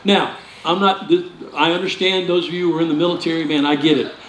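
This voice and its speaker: A man pastor preaching a sermon, animated and jokey, with sudden loud outbursts. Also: on the high side, fast talker, a little hiss or hum. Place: church sanctuary. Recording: echoey church room with faint ambience.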